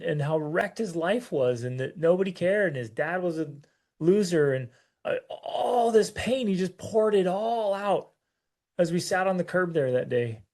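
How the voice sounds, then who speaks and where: A man co-hosting a parenting talk, telling a personal story in a halting, emotional way, full of restarts and repeated words. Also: sits high, a little mellow. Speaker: parenting show co-host.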